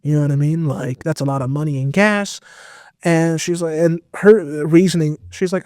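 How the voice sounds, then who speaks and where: A man guest on a podcast, telling a personal story in a casual, animated way with lots of fillers. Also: a little high, moderate pace, no echo, clean studio sound. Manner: animated, expressive, full of fillers. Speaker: podcast guest, metal vocalist.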